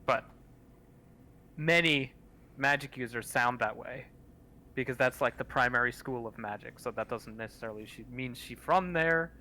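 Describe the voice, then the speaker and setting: A man's voice: mid-range voice, normal speed, sharp tone, slight background noise. A man at a tabletop role-playing game, explaining things in a matter-of-fact way. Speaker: player. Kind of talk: tabletop role-play chat.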